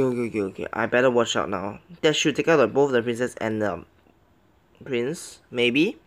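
Young male gameplay commentator, mid-pitched, excitable, mutters plans, yelps and pleads at close calls. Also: brisk. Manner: pleads and begs at the game. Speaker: game commentator.

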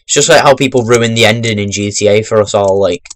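A young man giving chatty, rambling commentary while playing a video game into his webcam microphone, breaking into sudden loud exclamations. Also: lowish voice, fast. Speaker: gaming commentator. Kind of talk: chatty let's-play commentary.

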